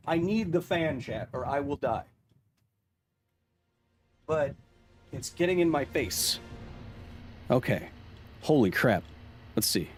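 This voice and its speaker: Man, 30s, game streamer: lively, bouncy pitch, jokey, chuckles a lot, desk mic in a home room. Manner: animated, jokey, chuckles often, drifts into explaining science. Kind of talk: casual gaming commentary.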